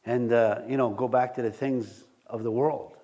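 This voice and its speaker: A man's voice: medium pitch, moderate pace. A man preaching to a congregation in a church, telling everyday stories with frequent chuckles and questions to the listeners. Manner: animated storytelling, chuckles often, asks the congregation questions. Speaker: pastor. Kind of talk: sermon with personal stories.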